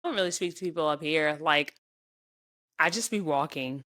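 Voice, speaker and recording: Brief: woman, young adult, podcast co-host, animated storyteller with a bright, clear edge. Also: low voice, moderate pace. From southern Virginia, US. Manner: animated storyteller, addresses listeners as y'all. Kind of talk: casual chat.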